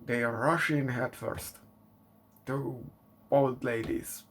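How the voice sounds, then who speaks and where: A man reviewing a movie in English, often asking exasperated rhetorical questions and filling pauses with fillers. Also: mid-range voice, fairly even intonation, a bit bright, slight background noise. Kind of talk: casual spoken movie review.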